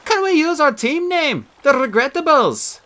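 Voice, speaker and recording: A man voicing an excitable, playful young boy who talks with eager, dramatic energy. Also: extremely high pitch, measured pace, pitched above the performer's own voice, heavily acted. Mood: excited. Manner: eager, dramatic, trailer-voice playacting.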